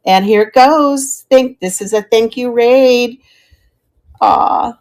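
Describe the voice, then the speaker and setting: Slow-paced and a little high, with a darkish tone, this middle-aged live auction seller chats while selling vintage items on stream and thanks viewers by name.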